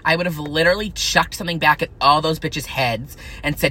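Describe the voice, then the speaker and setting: A young man in college, venting in a profane, angry, unfiltered rant to camera that swings into high, shrill outbursts. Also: a little fast, bright, forceful tone. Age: young adult. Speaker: vlogger.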